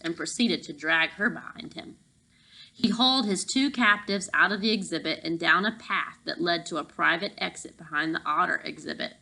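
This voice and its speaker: A woman narrating a children's novel aloud, reading lively and voicing the characters. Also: lowish voice, vocal fry, rough recording. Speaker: audiobook narrator. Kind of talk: storybook narration.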